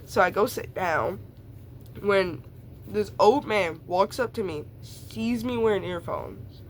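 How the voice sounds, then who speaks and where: A woman's voice: mid-range voice, animated, slight background noise. Rambling young woman telling a story. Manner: rambling, lots of fillers and laughs, quick asides. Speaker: vlogger telling a personal story. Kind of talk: casual storytelling.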